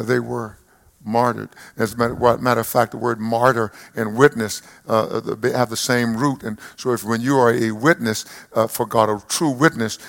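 A man in his seventies, a pastor preaching a sermon to a congregation, who moves between loud emphatic peaks and soft reflective asides. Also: mid-range voice, creaky. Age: 70s. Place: church service before a live congregation.

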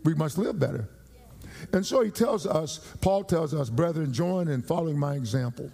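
Fervent preaching man, higher voice. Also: lively intonation, moderate pace, vocal fry, warm tone, slightly rough. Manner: emphatic, repeats phrases, rises in pitch when fervent. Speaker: pastor. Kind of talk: sermon. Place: church.

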